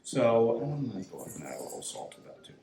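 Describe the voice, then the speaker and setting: A man's voice: medium pitch, fast, echoey room, noisy background. A middle-aged man from Switzerland, cooking at home and explaining each step in an easy, instructive way. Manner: instructive, relaxed, gives cooking tips. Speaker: home cook host. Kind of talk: casual cooking chat. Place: home kitchen.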